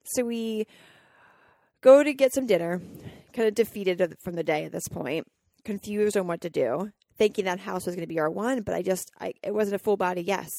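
A woman from Colorado hosts her own podcast and tells a personal story. She sounds candid and emotional, with many fillers and restarts. Her voice sits at a middling pitch, and the recording is dry with no room echo. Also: moderate pace, gravelly, dark tone. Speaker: podcast host.

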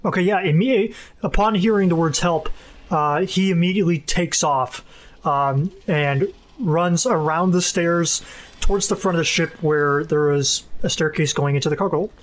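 A man narrating as game master in a tabletop game, casual and halting, with many fillers. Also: on the high side.

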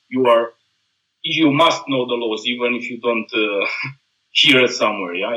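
A man from Romania with a Romanian accent, a combat instructor talking earnestly as a guest in halting, non-native English with many restarts. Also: mid-range voice, pushed and bright, dull audio. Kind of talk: casual conversation.

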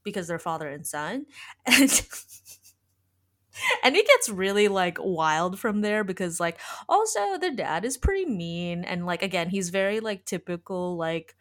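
A woman's voice: mid-range voice, fairly bright tone. A woman podcast host in casual chat, retelling a story in a rambling way full of "like.". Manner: rambling, heavy use of filler "like".

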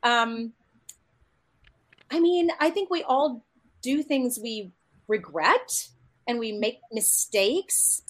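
A woman's voice: fairly high pitch, lively intonation, slow, pauses often, a bit bright. A woman, a panel guest, telling a casual story and acting out quoted lines of dialogue. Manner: anecdotal, acts out quoted dialogue.

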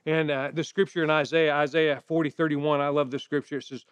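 A middle-aged pastor preaching a sermon in a conversational way, mixing scripture with personal stories. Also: male voice, fairly high pitch, flat delivery, brisk, smooth, no echo, lo-fi sound.

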